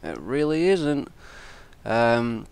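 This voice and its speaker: Casual male vlogger, gravelly fry, fed-up rambling rant with lots of swearing. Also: mid-range voice, sing-song, drawn-out words, a little mellow. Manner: exasperated, swears freely, rambling with restarts. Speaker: wrestling commentator and vlogger. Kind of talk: casual ranting predictions.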